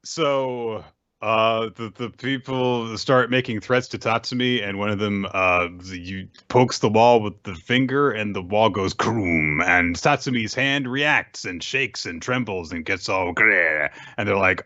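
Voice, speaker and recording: A man's voice: on the low side, measured pace, sharp tone, no echo. A man co-hosting a podcast, recapping a manga chapter casually with many fillers and restarts. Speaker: podcast co-host. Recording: dull dry lo-fi recording.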